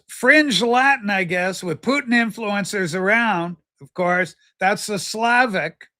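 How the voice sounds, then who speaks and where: A man with a high, bright voice hosts a casual livestream from home. He rambles and jokes, answering chatters by name. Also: slow pace, hardly any pauses. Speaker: livestream host. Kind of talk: casual livestream chat reading viewer comments.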